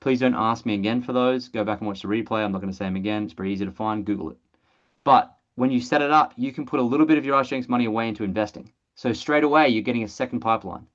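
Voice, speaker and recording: Blunt, excitable trainer voice, mid pitch, muffled video-call audio, casual swearing. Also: very fast. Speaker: presenter of an online training call. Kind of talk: energetic sales training webinar.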